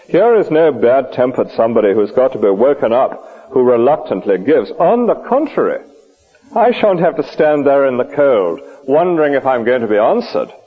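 At a lunch hour church service, a man preaches a lively sermon, firing question after question and tossing in rhetorical asides. His medium-pitched voice has a breathy edge and moderate pace, on a dull, lo-fi old recording.

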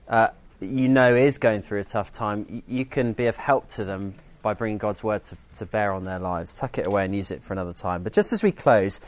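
A man preaching a sermon in an earnest teaching tone, often restarting his sentences. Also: mid-range voice. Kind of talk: sermon with group activity.

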